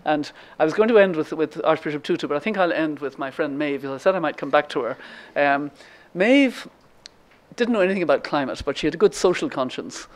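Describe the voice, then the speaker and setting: A deep-voiced Irish woman in her seventies speaks a little fast with lively intonation. As a guest lecturer, she tells an anecdote peppered with ums and restarts.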